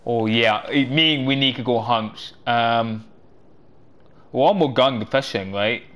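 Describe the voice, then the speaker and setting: Excitable man narrating his gameplay. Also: medium pitch. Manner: chatty and excitable, talking to himself as he plays; loose, halting non-native English phrasing. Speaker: gaming channel host. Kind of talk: gameplay walkthrough commentary.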